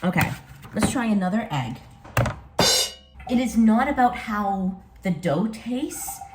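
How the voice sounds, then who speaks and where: A woman filming a casual baking vlog in her home kitchen, excitable and quick to gasp and exclaim. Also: mid-range voice, over loud music. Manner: excitable, gasps and exclaims often. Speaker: vlogger.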